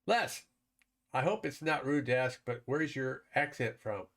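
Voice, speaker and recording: A man's voice: medium pitch, expressive, measured pace, a bit bright. A man from Wisconsin hosting a live stream, chatting casually with viewers while commenting on a board game and laughing often.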